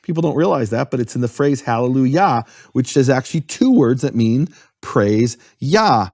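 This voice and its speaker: In a close, dry recording with no room around it, a man with a mid-range, darkish voice explains Hebrew as a guest. He is expressive and speaks at normal speed, earnestly defining and spelling out terms in a conversational way.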